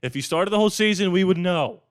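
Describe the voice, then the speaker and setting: A man's voice: sits high, animated, fast talker, smooth, dry recording, clean studio sound. A man hosting his own sports channel, giving casual, emphatic opinion commentary in a conversational way. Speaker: YouTube sports channel host.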